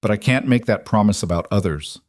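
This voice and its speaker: A cool, clipped mafia boss, read by a man, a low-pitched voice laying out threats as plain fact, never raised, never rushed. Dry and close, no room around it. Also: no room sound, close to an everyday voice. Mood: cold. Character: cold controlled male mafia boss.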